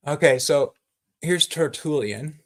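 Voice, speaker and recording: A man teaching about the Bible in a fervent, excited way, often repeating words as he goes. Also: fairly high pitch, slow. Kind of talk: passionate teaching talk.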